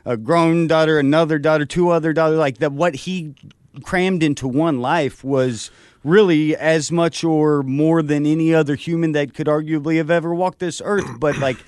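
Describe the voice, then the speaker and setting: A man's voice: on the high side, steady tone, normal speed, a little mellow, clear, resonant tone, dry recording, studio quality. A man in his thirties co-hosting a sports talk show, speaking in long, rambling sentences. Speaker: co-host.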